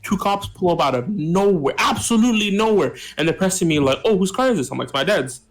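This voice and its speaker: A man's voice: sits high, expressive, quick pace, faint music behind. A man co-hosting a podcast, telling a story bluntly in casual chat, with slang. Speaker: podcast co-host.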